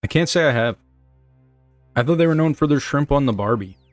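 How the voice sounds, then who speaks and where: A man's voice: a little high, animated, a little fast, dry recording, studio quality. Young man, livestream streamer, rambling jokey chat, casual swearing, faint music behind.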